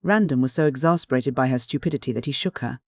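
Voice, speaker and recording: An audiobook reader giving a steady, even narration of a classic mystery novel. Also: mid-range voice, quick pace, no echo, studio quality. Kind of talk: scripted narration.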